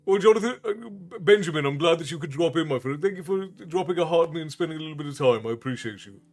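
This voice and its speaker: A man's voice: on the high side, racing, faint music behind. Man from Ireland hosting a livestream. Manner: friendly, rambling, greets viewers by name. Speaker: livestream host and storyteller. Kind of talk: casual chat with stream viewers.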